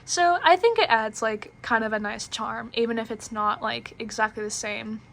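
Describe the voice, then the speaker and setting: A young woman chats her way through a tarot deck review, full of fillers and little giggles. Her voice sits a little high. A faint hiss runs underneath the recording. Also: normal speed, gravelly, a bit bright. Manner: chatty, filler-heavy, giggly.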